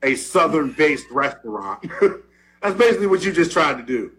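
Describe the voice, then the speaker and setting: A man co-hosting a show, teasing in casual banter, with his voice jumping up when he gets excited. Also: normal speed. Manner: animated, teasing, jumps up in pitch when excited. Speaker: co-host.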